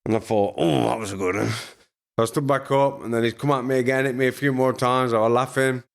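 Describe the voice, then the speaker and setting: A man's voice: medium pitch, fairly even intonation, brisk. A former boxer chatting as a podcast guest, telling crude, funny stories and laughing as he goes. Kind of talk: casual storytelling chat.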